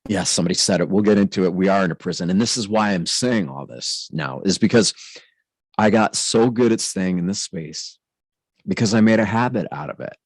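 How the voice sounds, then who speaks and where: Earnest low-voiced man, dry sound. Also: brisk, no echo, low-quality recording. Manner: earnest, intense, speaks in spiritual terms. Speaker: spiritual channel host. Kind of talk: personal testimony monologue.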